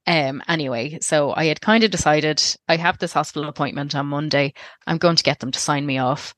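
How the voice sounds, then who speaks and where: Low-voiced Irish woman telling her story. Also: fairly quick, fairly bright tone. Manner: rambling, self-interrupting, candid. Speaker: guest. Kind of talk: personal storytelling interview.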